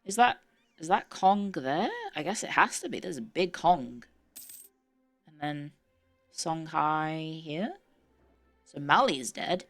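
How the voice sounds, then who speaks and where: A woman's voice: deep voice, lively intonation, takes it slowly, long pauses, soft background music. A woman streamer giving casual, chatty commentary while playing a strategy game, muttering to herself and swearing now and then.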